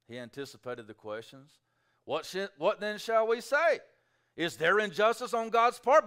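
A man's voice: high-pitched, big pitch swings, moderate pace, fairly bright tone. A male pastor preaching a sermon, reading scripture and acting out objectors' questions in a raised voice.

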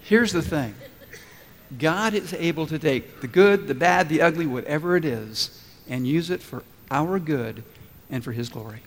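A man's voice: on the high side, expressive, a little slow, slight background noise. A man preaching a sermon as pastor, asking the congregation questions and telling a story. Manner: asks the congregation questions and lets them answer. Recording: long reverb from a large room.

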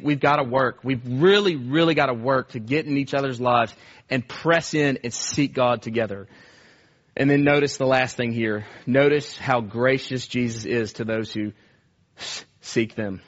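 A man's voice: mid-range voice, normal speed, muffled recording. A male pastor preaching a sermon with passion, often repeating phrases and acting out quoted cries.

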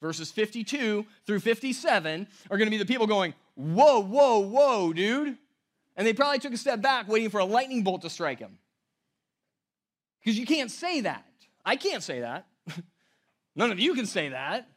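A male pastor preaching a sermon, emphatic, swinging between loud stress and near-hushed lines. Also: high-pitched, sing-song, normal speed.

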